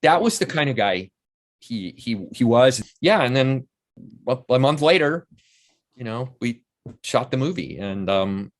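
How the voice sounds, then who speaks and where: A man's voice: medium pitch, unhurried. A man in his sixties, an actor and playwright, telling stories in a casual interview and acting out the voices of the people he quotes. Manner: animated storyteller who acts out quoted voices.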